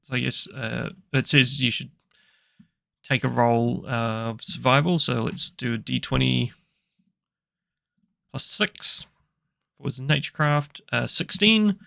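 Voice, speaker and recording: A man's voice: medium pitch, takes it slowly, creaky, long pauses, sharp tone, no echo, studio quality. A man narrating a solo tabletop game session, rambling with many fillers and self-corrections.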